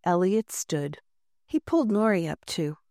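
A woman narrating a children's storybook in a gentle, unhurried reading voice, lightly voicing the characters. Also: fairly low pitch, expressive, no echo, clean studio sound. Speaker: audiobook narrator.

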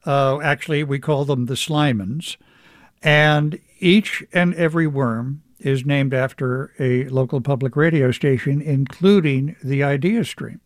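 A middle-aged man, an author being interviewed, speaking thoughtfully with frequent halting restarts. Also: medium pitch, dry recording, clean studio sound. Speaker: author guest. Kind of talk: reflective interview conversation.

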